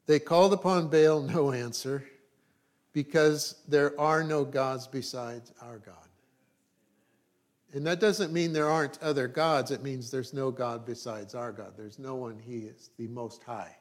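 A man's voice: medium pitch, steady tone, a little slow. A man preaching a sermon, reading scripture aloud and explaining it in plain talk, checking in with his listeners.

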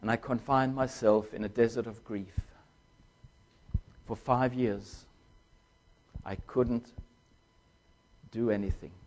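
Older male former preacher, emotional testimony, halting short phrases, mid-pitched voice. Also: steady tone, a little mellow, a little hiss or hum. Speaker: former pastor and missionary. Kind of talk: personal testimony.

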